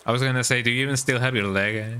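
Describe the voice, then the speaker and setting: A man's voice: mid-range voice, fairly even intonation, racing, pushed and bright, smooth. A man whose first language is Spanish, commenting casually on his gameplay, chatty and wry, often tagging sentences with a questioning "eh". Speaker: streamer.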